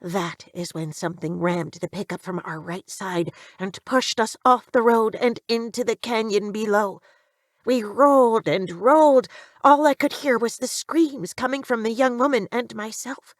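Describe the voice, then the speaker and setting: Woman with a bright, dry narrating voice. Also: fairly high pitch, no echo. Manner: tense, emphatic first-person storytelling. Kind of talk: dramatic horror story reading.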